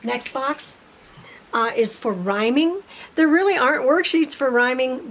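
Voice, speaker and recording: A middle-aged woman speech teacher giving parents a patient step-by-step tutorial, modeling simple sentences slowly. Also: a little high, slight background noise, low-quality recording.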